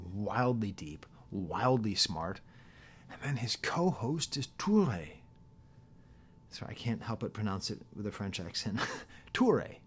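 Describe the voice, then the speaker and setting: Middle-aged male academic vlogger, mid-range voice, loose and chatty, laughs through his asides. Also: mid-range voice. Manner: chatty, digressive, laughs often. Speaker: YouTube rap critic and academic. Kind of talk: casual monologue to camera.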